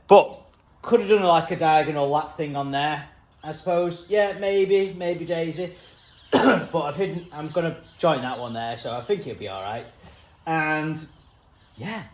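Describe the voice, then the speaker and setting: Chatty man on a work site. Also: a little high. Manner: chatty, self-mocking, easily excited. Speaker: vlogger. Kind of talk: casual running commentary on a work site.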